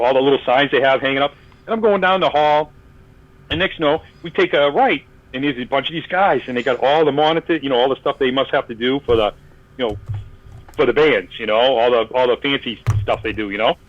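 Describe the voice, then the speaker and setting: A man's voice: mid-range voice, no echo, dull audio. A man telling a long story in casual podcast chat, acting out the voices of the people in it, with many fillers and restarts. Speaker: podcast guest.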